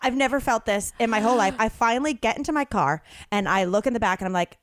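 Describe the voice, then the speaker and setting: A woman, co-hosting a comedy podcast and telling a story in a lively way, acting out her own panicked lines. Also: on the high side, fast, no echo, clean studio sound. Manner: animated, acts out her own panicked quotes. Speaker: podcast co-host.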